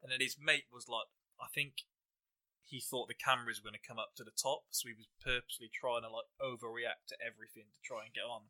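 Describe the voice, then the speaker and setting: Bright-voiced English lad telling stories. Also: male voice, mid-range voice, fairly even intonation, fast talker. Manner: rambling anecdotal storyteller, laughs while talking. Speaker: podcast host. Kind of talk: casual chat and fight predictions.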